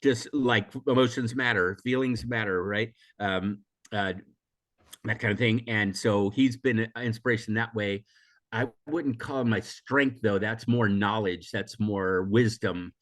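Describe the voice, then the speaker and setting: Hoarse and coughing as he recovers from a recent illness, this older US emotional intelligence teacher rambles reflectively as an interview guest. He frequently restarts, corrects himself, and laughs. His voice is on the low side, a bit bright, and unhurried.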